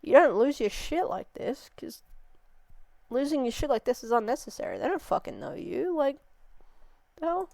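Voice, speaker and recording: A woman's voice: high voice, sing-song, normal speed, vocal fry, pauses often, darkish tone, a little hiss or hum. A young woman hosting a reaction video, ranting and swearing in exasperation. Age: young adult. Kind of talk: casual reaction commentary.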